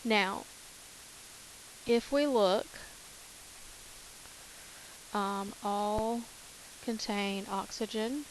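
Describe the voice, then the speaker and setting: Slow, casual woman chemistry teacher. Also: medium pitch, a little hiss or hum, rough recording. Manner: casual, repeats key terms, fillers. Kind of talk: recorded lecture over notes.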